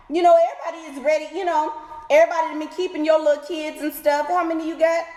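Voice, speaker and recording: Woman, sassy advice vlogger, high voice, echoey room with long ringing reverb. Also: a little mellow. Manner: sassy, exclaiming, playful drawn-out asides. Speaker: advice vlogger reading letters. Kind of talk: animated advice commentary.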